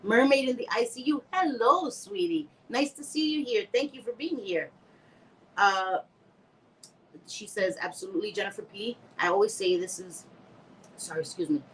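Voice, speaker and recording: A middle-aged woman hosts a casual livestream from home on a phone mic held close, laughing often, reading comments aloud and slipping in Spanish words. Her voice is on the high side and fairly bright, at a normal speed. The recording is rough, with slight background noise.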